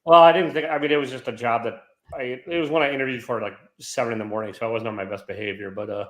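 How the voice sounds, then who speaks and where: A man co-hosting a casual chat, teasing in a dry, deadpan way. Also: mid-range voice, rapid-fire. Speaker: co-host. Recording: echoey room.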